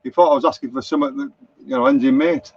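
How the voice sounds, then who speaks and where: A man's voice: extremely high pitch, huge pitch swings, fast, gravelly, husky, no room sound. A middle-aged man with a Lancashire accent, rambling through anecdotes on a live stream and reading out viewer comments. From Lancashire, England. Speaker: motorhome vlogger. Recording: dull lo-fi live stream, dry.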